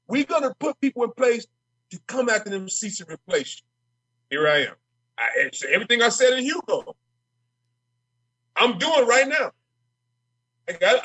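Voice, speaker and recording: A man's voice: high voice, bright, forceful tone, slightly rough, no room sound, rough recording. A man speaking as a guest on a podcast, brash and impassioned, stumbling and repeating words as he gets fired up. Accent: Minnesota. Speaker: state representative guest. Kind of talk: casual podcast conversation.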